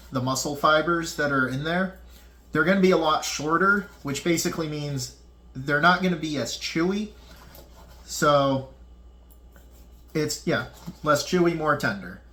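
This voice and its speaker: A man's voice: on the high side, pushed and bright. A man hosting a casual cooking tutorial in a home kitchen, chatting loosely to his viewers. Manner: chatty, loose, talks to viewers while eating. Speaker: fitness cooking channel host. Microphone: camera mic on a tripod.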